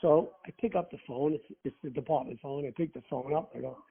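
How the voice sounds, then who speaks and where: Husky guy telling wild firehouse stories with lots of swearing, sounds like a phone call. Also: fairly high pitch, fast. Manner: profane, animated storyteller who acts out quotes. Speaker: guest, former rescue firefighter. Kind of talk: casual anecdote telling. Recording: tinny phone line.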